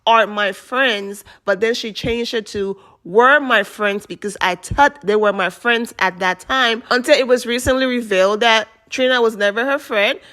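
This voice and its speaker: Female commentary host, sassy and rhetorical, slightly high voice. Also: normal speed, hardly any pauses, fairly bright tone. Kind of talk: commentary on a clip.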